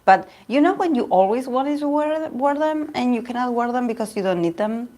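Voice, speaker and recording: A woman's voice: fairly high pitch, lively intonation, brisk, darkish tone, a little hiss or hum. A woman from Argentina with an Argentine Spanish accent, a Spanish native speaker chatting casually and rambling with viewers on her tarot livestream. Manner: chatty and rambling, with frequent laughs and restarts. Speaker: tarot reader and channel host.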